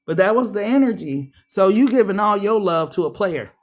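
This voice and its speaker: A woman giving a casual tarot reading straight to her viewers, animated and slangy, often laughing and playing out what people say. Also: medium pitch, moderate pace. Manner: animated, chatty, addresses viewers directly; frequent laughs and acted-out quotes. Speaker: tarot reader.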